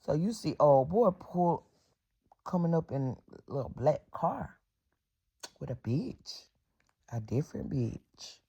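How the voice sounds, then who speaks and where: A woman's voice: deep voice, big pitch swings, slow, vocal fry, long pauses, dark tone, slightly rough. A middle-aged woman telling a casual storytime vlog story, blunt and full of profanity and sound-effect words.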